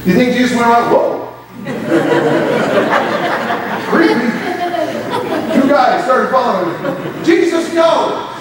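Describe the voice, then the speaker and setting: A man's voice: very high voice, sing-song, slow pace, pauses often, a loud crowd, very noisy. A man preaching a sermon as pastor, with rising emphasis and quoted asides. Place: church sanctuary. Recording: echoey church hall from far off.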